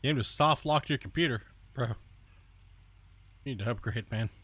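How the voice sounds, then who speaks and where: Young male streamer, soothing laid-back voice, bright timbre, slangy jokes. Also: medium pitch, moderate pace, slightly rough, no room sound. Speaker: live streamer. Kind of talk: casual chat to viewers while gaming.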